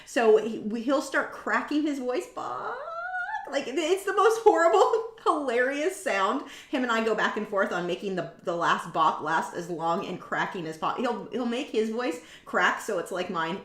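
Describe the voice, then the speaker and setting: A woman's voice: fairly high pitch, expressive, moderate pace, few pauses, fairly bright tone. A woman hosting a live painting demo, chatting in a rambling, self-mocking way with many tangents. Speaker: artist hosting a painting livestream. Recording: roomy echo.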